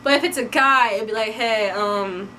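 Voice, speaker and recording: A woman's voice: a little high, steady tone, fast talker, bright, forceful tone, a little hiss or hum. A young woman chatting playfully to camera as a vlogger, acting out quoted lines as she goes. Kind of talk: casual chat to camera.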